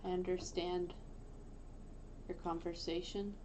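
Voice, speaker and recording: A woman's voice: lowish voice, flat delivery, slow, very noisy. A woman on a live stream, playful and easily distracted, working through Japanese words in casual chat.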